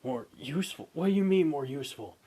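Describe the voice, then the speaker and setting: A man's voice: on the high side, lively intonation, fast talker, dark tone, breathy edge, pitched above the performer's own voice. Man doing Naruto, confused and pleading. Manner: bewildered, pleading questions. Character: young male ninja, confused and pleading.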